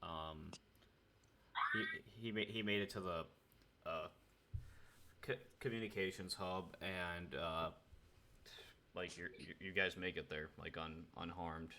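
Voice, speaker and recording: A man's voice: sits low, fairly even intonation, slow, pauses often, noisy background. A young man running a tabletop game as game master, narrating with many hesitant restarts and fillers.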